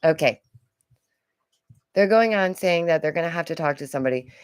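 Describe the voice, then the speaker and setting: A woman's voice: deep voice, animated, fairly quick, smooth, no room sound, studio quality. A young adult woman giving casual, rambling reaction commentary as a vlogger, with lots of asides. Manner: chatty, rambling, with frequent asides and laughs.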